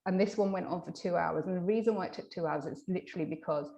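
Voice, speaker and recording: A woman with a slightly low voice tells a story from her practice in a relaxed interview. She acts out the quoted lines with bursts of energy and often trips over her words before going on. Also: fast talker, gravelly. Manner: animated, acts out quoted dialogue; many fillers and restarts. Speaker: hypnotherapist guest.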